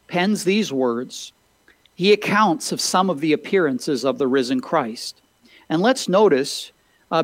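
Slow-speaking male preacher. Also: fairly high pitch, dry recording, low-quality recording. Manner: unhurried, with filler "uh" and rhetorical questions. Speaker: pastor. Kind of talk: sermon with scripture reading.

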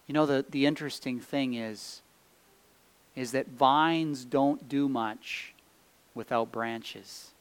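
Man, sermon, slow deliberate delivery, loud peaks and hushed drops, clear smooth voice. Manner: wide swings between loud emphatic peaks and hushed low phrases; slow, deliberate delivery reading scripture aloud. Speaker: preacher.

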